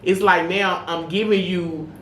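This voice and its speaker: A woman's voice: on the low side, steady tone, a little slow, a bit bright. A woman co-hosting a podcast, talking candidly and rambling, filling her speech with "you know what I'm saying". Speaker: podcast co-host. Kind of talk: casual chat. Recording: roomy room with faint noise.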